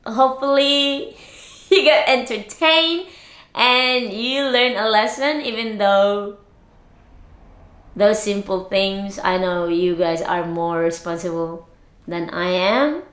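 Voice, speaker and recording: A woman's voice: mid-range voice, slow, fairly bright tone. A woman from the Philippines, chatting casually to camera as a vlogger, giggly and prone to trailing off and restarting. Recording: roomy echo.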